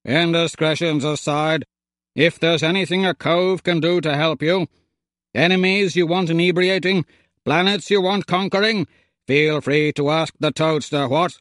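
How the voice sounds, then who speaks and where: A man's voice: on the high side, a little slow, fairly bright tone, dry recording, clean studio sound. A man voicing a jovial, polite male robot butler who talks in chummy, old-fashioned slang. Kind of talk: audiobook character voice.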